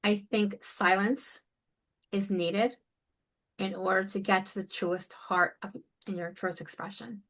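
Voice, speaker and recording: A woman's voice: mid-range voice, steady tone, unhurried, fairly bright tone. A woman life coach speaking as a guest in a conversational interview, earnest and emphatic. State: near tears.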